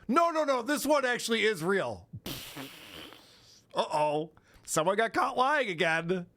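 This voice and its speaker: A man's voice: sits high, very animated, unhurried, bright, forceful tone. A man hosting a podcast, commenting on clips in casual chat, often mocking and laughing. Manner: mocking, laughing, mimics voices. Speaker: podcast host.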